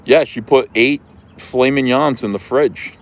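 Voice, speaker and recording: A man with a New Jersey accent hosting a livestream outdoors, chatting casually in an animated, rambling way. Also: medium pitch, normal speed. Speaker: livestream host. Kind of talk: casual chat.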